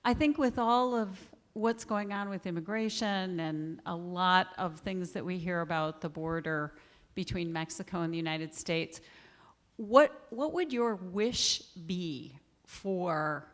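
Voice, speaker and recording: A woman's voice: lowish voice, measured pace. A woman in the audience politely thanking the speakers before asking her question. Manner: polite, appreciative. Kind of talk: audience question at live event.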